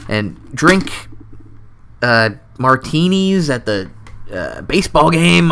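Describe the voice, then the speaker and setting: Speaking close to a desk mic, a man hosts his own comedy show with a rambling, goofy, self-mocking monologue. He's animated at a measured pace, his voice jumping and dropping in pitch and loudness.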